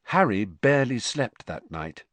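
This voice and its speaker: Expressive male audiobook narrator. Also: medium pitch, unhurried, dry recording. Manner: expressive, varied storytelling delivery.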